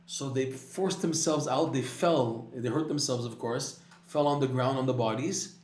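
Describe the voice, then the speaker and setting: A man's voice: medium pitch, unhurried, a little mellow, roomy sound, a little hiss or hum. A man teaching a Torah class, telling a story animatedly with frequent restarts and repeated words.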